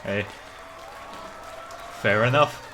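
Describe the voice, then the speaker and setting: A man's voice: on the low side, very slow, a crowd in the background, background noise. A man hosting a reaction video, chatting casually with swearing and laughing asides.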